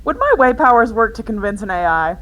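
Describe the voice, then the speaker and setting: A woman's voice: on the high side, big pitch swings, fairly quick, muffled recording, heavy background noise. A woman playing a tabletop game in casual chat, steering what the group does next. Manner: casual, leading the group's actions. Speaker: player.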